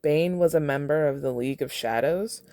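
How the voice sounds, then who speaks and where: A woman's voice: low voice, normal speed, warm tone, no room sound, studio quality. A woman reading the clipped lines of a guarded, brooding male hero. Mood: curt.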